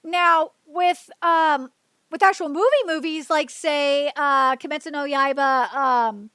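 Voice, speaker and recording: A woman hosting a livestream rants heatedly and profanely, rambling along with restarts and fillers. Her voice is high-pitched, pushed and bright, and she takes it slowly. The recording is dry.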